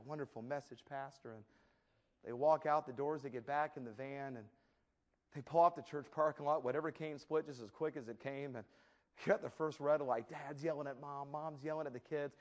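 A man pastor giving a sermon, telling humorous stories and acting out the scenes. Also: medium pitch. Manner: humorous storytelling, lively acted asides.

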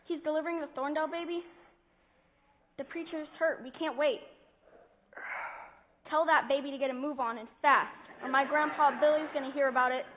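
Woman acting as a clumsy excitable young boy, high voice, church stage drama, thin lo-fi sound. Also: slight background noise, lightly acted. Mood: panicked. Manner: excitable, fast-blurting kid voice. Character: twelve-year-old boy, eager and clumsy. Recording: tinny lo-fi recording.

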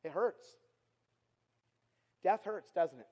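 A middle-aged man with a very high voice preaches in an earnest storytelling sermon. He repeats his points and swings between loud urging and a hushed tone. The long reverb of a large hall trails his words. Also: animated, slow pace, muffled recording. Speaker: youth speaker.

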